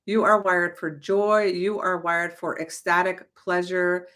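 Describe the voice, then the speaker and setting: A woman's voice: fairly low pitch, flat delivery, takes it slowly, fairly bright tone. A young adult woman giving a casual, emphatic motivational talk as a manifestation coach, chatty and swearing lightly.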